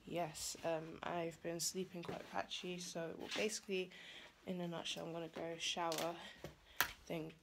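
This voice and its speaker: A young woman, a student, talking casually to the camera in a rambling vlog, with lots of fillers and a rough, hoarse voice. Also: lowish voice, level tone, measured pace, heavy background noise. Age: young adult. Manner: chatty, rambling with many fillers. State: hoarse morning voice. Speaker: student vlogger.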